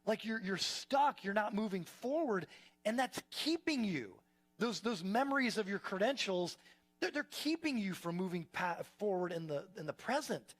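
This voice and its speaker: A man preaching a sermon to a live congregation, talking in a conversational, energetic storytelling way with frequent restarts. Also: high voice, normal speed. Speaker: pastor. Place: church service before a live congregation.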